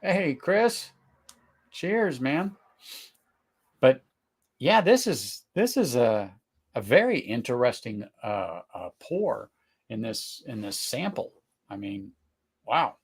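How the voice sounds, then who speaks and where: A middle-aged man hosting a live whisky tasting, talking casually, searching for words, then bursting into excited exclamations. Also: medium pitch, slow pace, long pauses, breathy edge. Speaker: whisky tasting livestream host.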